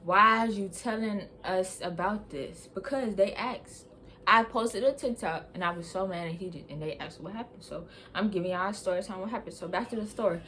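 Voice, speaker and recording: A young woman vlogger telling a heated storytime, talking in an animated, emphatic and slangy way. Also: mid-range voice, brisk, slight background noise. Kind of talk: storytime vlog.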